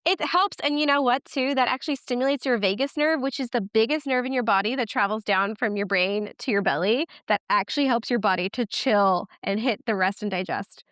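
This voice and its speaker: A woman in her thirties, a guest in a casual interview, talking in a chatty, animated way with lots of fillers. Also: fairly high pitch, fairly quick, hardly any pauses, no room sound, studio quality. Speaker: podcast guest, twin parenting educator.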